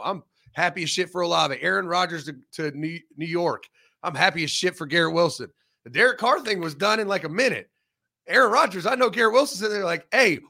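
A man's voice: fairly high pitch, creaky, pushed and bright. A man speaking as a guest on a sports show, blunt and opinionated, swearing a lot. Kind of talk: casual sports talk.

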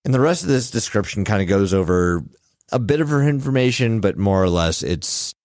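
A man's voice: lowish voice, lively intonation, brisk, a little mellow, no echo, studio quality. A man hosting a casual podcast chat, loose and profane, with many filler words. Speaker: podcast host.

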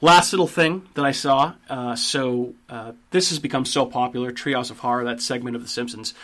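A man's voice: mid-range voice, brisk, a bit bright. A man hosting a casual podcast, talking enthusiastically and swearing casually as he leads the chat. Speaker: podcast host.

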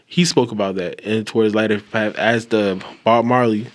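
A man hosting a casual podcast chat, telling long stories with restarts, swearing and animated asides. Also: on the low side, normal speed.

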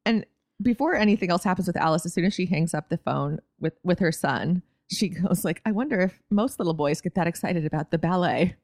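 A woman's voice: fairly low pitch, fairly quick, a little mellow, no echo, studio quality. A woman co-hosting a podcast, recapping a TV episode in casual, wry chat. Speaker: podcast co-host.

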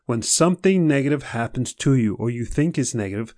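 A man's voice: medium pitch, animated, a little fast, dark tone, dry recording, studio quality. A man speaking straight to the listener in a motivational monologue, asking pointed questions and acting out people's excuses.

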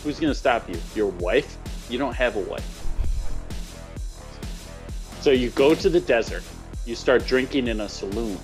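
A man's voice: mid-range voice, animated, measured pace, long pauses, faint music behind. A man in casual conversation, playfully spinning joking hypothetical scenarios for his co-host. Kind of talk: casual chat.

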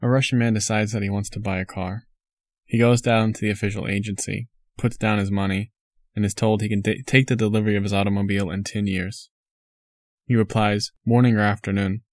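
A man co-hosting a casual chat, telling jokes in a deadpan way. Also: on the low side, brisk, no room sound.

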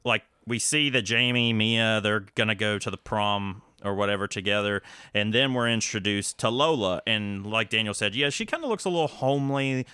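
A lower-pitched man with a bright, forceful edge talks through a film's plot in a loose, rambling way. His voice is smooth and clear, recorded close and dry. He leans on fillers and restarts a lot. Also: normal speed, hardly any pauses, no room sound. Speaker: podcast co-host. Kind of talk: casual movie recap chat.

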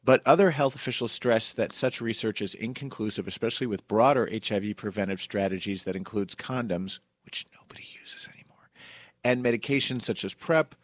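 Brief: chatty male podcast host, mid pitch, dry close mic. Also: fairly quick, few pauses, dry recording. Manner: chatty, with asides and fillers. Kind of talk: casual podcast storytelling.

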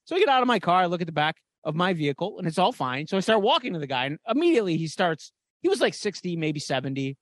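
A man's voice: high voice, very animated, fast, dry recording. A man co-hosting a podcast, telling a story in casual chat and swearing freely. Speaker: podcast co-host.

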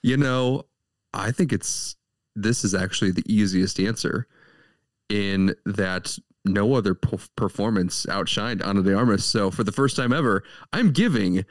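A man's voice: on the low side, measured pace, no room sound. A man co-hosting a casual movie review podcast, talking in an easygoing, somewhat hesitant way. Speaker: podcast co-host.

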